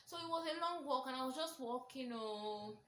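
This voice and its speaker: A young Nigerian woman with a Nigerian accent, telling a casual storytime vlog and acting out the people in her story with big jumps in pitch. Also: animated, moderate pace, a bit bright, echoey room. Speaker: vlogger.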